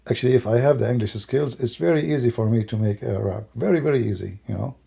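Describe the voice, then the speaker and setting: A man whose first language is Arabic, hoarse from losing his voice, musing and rambling in broken English on a livestream. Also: mid-range voice, fairly quick, warm tone. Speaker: livestream host. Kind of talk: casual livestream talk.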